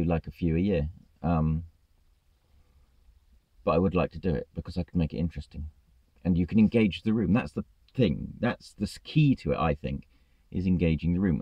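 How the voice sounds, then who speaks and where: A man's voice: low voice, husky, dry recording, lo-fi sound. A man, a truck driver, ranting in a vlog, exasperated and swearing freely.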